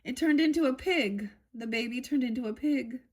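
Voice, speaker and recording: A polite, curious young girl from a storybook, read aloud by a woman. The voice stays near an everyday reading voice, at a middling pitch, with a questioning lilt. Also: lively intonation, normal speed.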